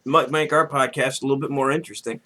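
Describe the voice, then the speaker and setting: A man hosting a casual podcast chat, joking and teasing his guest in quick patter. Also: mid-range voice, steady tone, bright, forceful tone. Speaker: podcast host.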